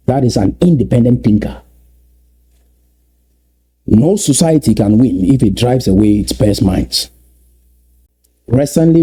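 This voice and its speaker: A political speaker from Southern Cameroons addresses his community with passion, his medium-pitched voice dark and husky. He is emphatic and repetitive, firing off many rhetorical questions.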